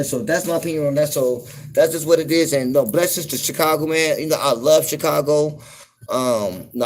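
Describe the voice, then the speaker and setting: A man from the US West Coast talking casually on a livestream, slow and laid-back, constantly saying "you know what I'm saying". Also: medium pitch. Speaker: livestream host.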